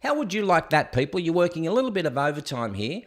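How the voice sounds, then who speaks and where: A man's voice: on the high side, big pitch swings, fast. A man, hosting a live show and telling stories in a rambling, conversational way full of fillers. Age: 60s. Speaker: podcast host. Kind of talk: live casual chat and rant.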